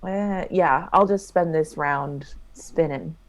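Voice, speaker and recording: A woman playing a tabletop game, musing in an unhurried way. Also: deep voice. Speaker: player.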